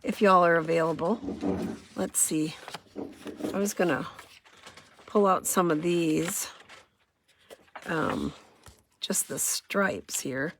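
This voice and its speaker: A woman's voice: on the low side, slow pace, vocal fry, long pauses, noisy background. A woman running a casual crafting demo, chatty and self-deprecating, thinking aloud as she works. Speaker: craft demonstrator.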